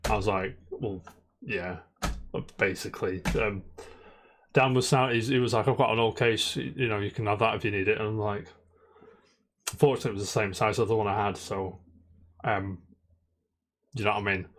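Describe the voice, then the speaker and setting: A man's voice: fairly low pitch, fairly even intonation, brisk, pauses often, fairly bright tone. A man co-hosting a casual podcast, telling a long rambling story and swearing constantly. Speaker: podcast co-host. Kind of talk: casual chat.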